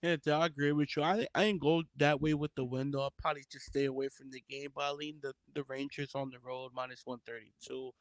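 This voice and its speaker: A man co-hosting a sports betting podcast, giving his picks in a relaxed, informal way with casual slang. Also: mid-range voice, fast talker, few pauses, dry recording. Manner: laid-back, informal Southern-style slang.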